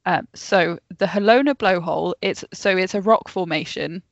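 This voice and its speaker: A woman's voice: on the low side, moderate pace, no echo. A woman co-hosting a casual podcast, telling a true story to friends and often breaking into giggles. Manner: giggly, easily sidetracked storyteller. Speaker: podcast co-host. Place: home, remote call. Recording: dull, dry lo-fi mic.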